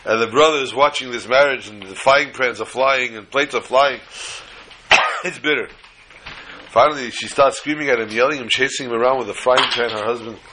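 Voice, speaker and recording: A man's voice: medium pitch, normal speed, pushed and bright, slight background noise, low-quality recording. An older man teaching a Torah class, mixing teaching with jokes and storytelling asides.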